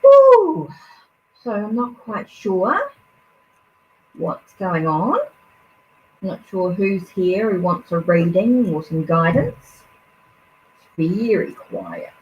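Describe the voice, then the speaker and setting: A woman's voice: lowish voice, lively intonation, takes it slowly, pauses often. A woman reading tarot cards on a live stream, talking in a hesitant, musing way with many fillers and restarts. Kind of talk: live card reading, casual. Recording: dull lo-fi stream audio with faint noise.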